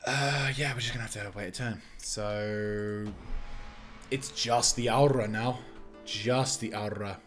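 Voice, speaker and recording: A man's voice: fairly low pitch, steady tone, unhurried, fairly bright tone, faint music behind. A man casually commenting on his strategy game as he plays, rambling, swearing and breaking into fits of giggles. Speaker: gameplay commentator. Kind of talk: casual let's-play commentary.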